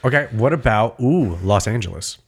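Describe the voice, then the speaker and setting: Male podcast co-host, teasing quizmaster, casual swearing, animated delivery. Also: lowish voice, moderate pace, slight background noise. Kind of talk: casual chat.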